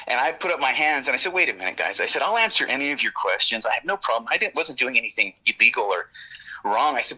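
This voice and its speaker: A man tells his story with a very bright, cutting edge to his voice. He talks in a lively way, swears a lot and acts out each line of the exchange. The sound is narrow, like a radio broadcast. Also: mid-range voice, fast talker, husky. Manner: lively, profane, laughs often, acts out the dialogue. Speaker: guest telling an encounter story. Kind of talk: animated storytelling.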